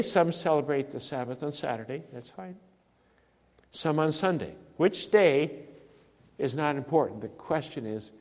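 A pastor preaching a sermon, emphatic and repeating key phrases for stress. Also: male voice, a little high, darkish tone, big-room sound. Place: church sanctuary.

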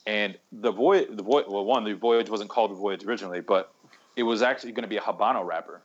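A man telling his story as a guest in a relaxed chat, rambling with many fillers and restarts. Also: on the low side, fast. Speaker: cigar maker guest. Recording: slightly dull lo-fi sound.

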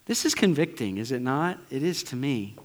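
Man preaching with hushed-to-loud swings. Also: medium pitch, animated, moderate pace. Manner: conversational preaching, swinging from loud bursts to near-whispers. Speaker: pastor. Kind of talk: sermon. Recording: long hall reverb.

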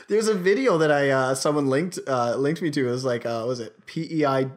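A man from eastern Canada co-hosting a comedy podcast, playful and quick to laugh while acting out sayings. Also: medium pitch. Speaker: podcast co-host. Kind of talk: casual comedic chat.

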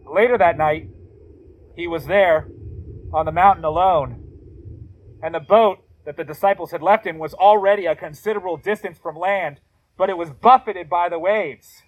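A male pastor with a high voice preaches in an easygoing, emphatic way, tossing in casual slang between Bible readings. The sound is dry and close, with no room echo. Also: moderate pace, long pauses. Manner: conversational, emphatic, slangy asides. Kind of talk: sermon.

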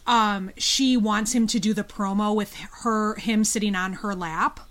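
A woman's voice: mid-range voice, steady tone, unhurried, fairly bright tone. A woman co-hosting a podcast, frank and opinionated as she tells stories casually. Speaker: podcast co-host; teacher. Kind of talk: casual discussion.

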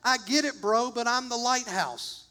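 A man voicing a lighthouse that calmly and firmly refuses to move. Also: very high-pitched, a little slow, pitched above the performer's own voice, heavily acted. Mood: unbothered. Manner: calm, firm, matter-of-fact. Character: calm unmoving lighthouse, talking back.

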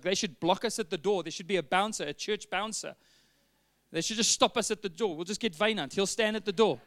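A male pastor preaching a sermon, earnest and animated, reading scripture and breaking into acted asides. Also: high-pitched.

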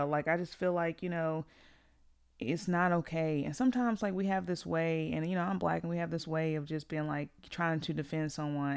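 Woman, podcast host, casual opinion monologue, blunt and profane, heated, smooth clear voice, dry close recording. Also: deep voice, no echo.

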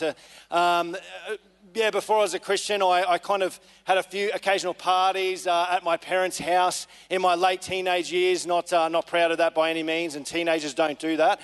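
A pastor preaches in a relaxed, chatty way, full of ums and restarts. His voice sits high for a man. It rings out with the long reverb of a church hall. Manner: relaxed, conversational, many fillers. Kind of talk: sermon with personal story.

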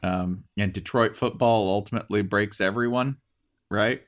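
A man's voice: fairly low pitch, normal speed. A man co-hosting a comedy sports podcast, playing announcer and laughing often. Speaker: podcast co-host. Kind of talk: casual comedic chat.

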